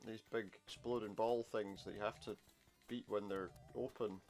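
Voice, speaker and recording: A man's voice: lowish voice, steady tone, moderate pace, a little mellow. A man commenting casually on a retro game he plays, with wry jokes and muttered asides. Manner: wry, jokey asides, muttered under breath. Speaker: gameplay commentator. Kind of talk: casual let's-play commentary. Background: game music.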